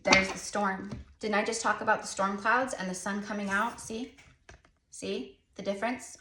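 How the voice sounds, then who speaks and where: A woman's voice: medium pitch, steady tone, moderate pace, noisy background. A woman giving a spiritual tarot reading to her viewers in an earnest, chatty, encouraging way, repeating her points. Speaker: tarot reader and psychic medium. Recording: echoey room, voice off-mic.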